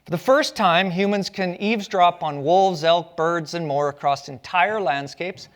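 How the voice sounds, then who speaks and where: Speaking a little slowly in a high-pitched voice, a man lectures publicly on a community arts center stage. He spins his stories playfully, peppering them with jokes.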